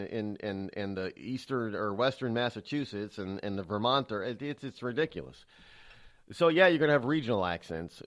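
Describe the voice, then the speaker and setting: A man hosting a talk radio show, giving solo political commentary in a rambling, indignant way, often repeating and restarting words. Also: fairly low pitch. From United States.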